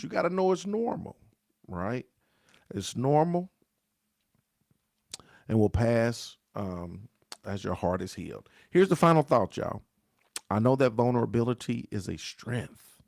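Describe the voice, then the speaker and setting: A man's voice: on the low side, creaky, darkish tone, no room sound, clean studio sound. A man, a pastor, giving a daily grief devotional in an earnest, conversational way, often repeating key phrases and calling his listeners y'all.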